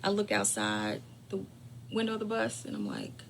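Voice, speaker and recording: A woman host telling a personal family story in a lively, dramatic way, chatting directly with her listeners and dropping to whispers for suspense. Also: mid-range voice, moderate pace, vocal fry, a little hiss or hum. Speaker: caregiving channel host.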